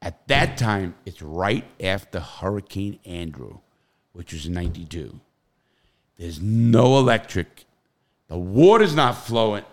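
A middle-aged man telling profane, animated stories in casual podcast chat, with loud bursts. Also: on the low side.

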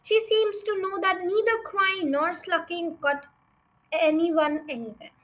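A woman's voice: very high voice, measured pace, a bit bright, poor audio. A young woman reading a children's novel aloud as a storyteller, with chatty asides to her listeners.

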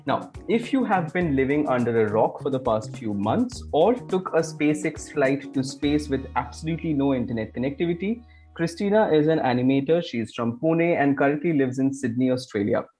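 A man's voice: mid-range voice, lively intonation, fairly quick, a little mellow, soft background music. A man with an Indian English accent hosting a podcast, chatty and joking as he interviews a guest. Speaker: podcast host. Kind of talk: casual interview chat.

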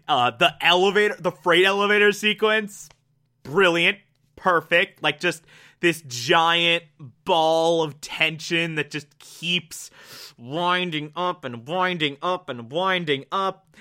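A man recapping a TV episode with excitable, gushing enthusiasm, repeating words for emphasis and acting out quotes. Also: high-pitched, takes it slowly. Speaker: TV episode reviewer.

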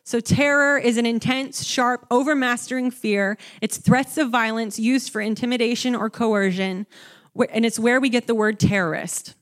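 Animated young woman preaching a sermon. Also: normal speed. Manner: animated, conversational, acts out the disciples with rising pitch.

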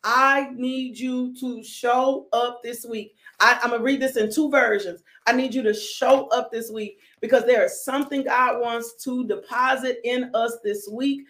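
A woman's voice: fairly high pitch, fairly bright tone. A woman preaching a fervent sermon. She breaks into sudden whoops and leads call-and-response, calling out to congregation members by name.

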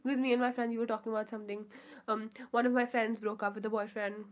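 A young woman talks through her podcast in a loose, rambling way, full of "uh"s, self-corrections and giggly asides. Her voice sits a little higher than most women's and has a clean, pure quality. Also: level tone, quick pace, muffled recording. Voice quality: pure-sounding voice. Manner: rambling and chatty, with frequent fillers and giggly asides. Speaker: podcast host. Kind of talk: casual solo podcast chat.

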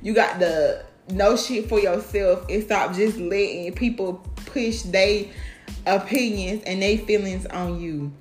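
A woman's voice: mid-range voice, slow pace, soft background music. Blunt, profane woman ranting in an echoey room. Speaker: vlogger. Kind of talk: candid monologue.

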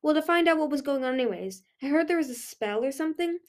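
A woman's voice: high-pitched, animated, quick pace, pitched above the performer's own voice. A woman doing a nervous rambling dragon boy. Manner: hesitant, rambling. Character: nervous male sea dragon, awkward and kind.

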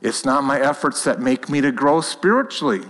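A man's voice: mid-range voice, normal speed, a bit bright. A man preaching a sermon to a congregation, earnest and conversational, often restarting his sentences. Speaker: pastor. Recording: long hall reverb.

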